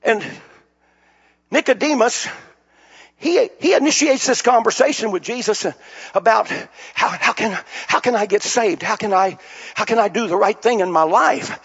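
An older man preaching a sermon as pastor, telling stories and building to shouted climaxes. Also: sits high, moderate pace, slightly rough. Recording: dull lo-fi sound.

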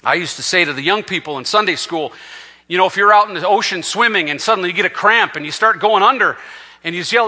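A man preaching a sermon in a church, his voice high and very bright and cutting. He climbs to loud, emphatic peaks and drops to low asides, with a long reverb hanging in the hall around him. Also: fast. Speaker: pastor.

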